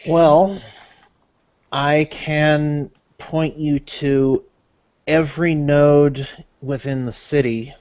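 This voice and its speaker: A man taking his turn in a tabletop game, speaking in character with an easygoing, casual delivery. He talks slowly, and the lo-fi recording sounds dull. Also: on the high side, steady tone, a little mellow. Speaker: player.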